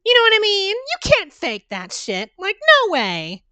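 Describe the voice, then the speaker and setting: Bright, animated woman playing horror games. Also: extremely high pitch, a little slow, dry recording. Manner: sarcastic, playful, exaggerated reactions. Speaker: VTuber game streamer. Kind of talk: let's-play horror game commentary.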